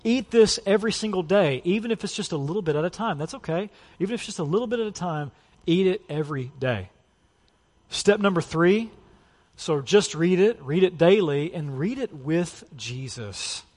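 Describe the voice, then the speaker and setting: A man's voice: high-pitched, animated, normal speed, a little mellow. A man in his thirties preaching a sermon in a casual, conversational way, full of "like" and "you know". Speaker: pastor. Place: church sanctuary. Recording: long church hall reverb.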